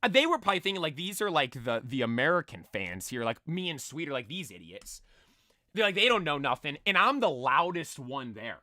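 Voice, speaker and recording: Animated young man with a bright, high voice. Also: fairly quick, no echo. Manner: animated, rambling, many fillers and restarts. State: voice nearly lost from screaming. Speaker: streamer telling a story. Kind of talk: excited storytelling.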